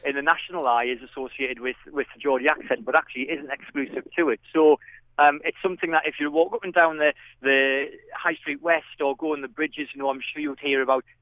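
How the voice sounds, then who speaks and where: A man's voice: a little high, steady tone, fairly quick, no room sound. A man with a Sunderland accent, a podcast guest chatting and explaining with lots of fillers, heard over a remote line. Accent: Sunderland (Mackem). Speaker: dictionary author guest. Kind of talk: casual podcast chat. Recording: tinny phone-like line.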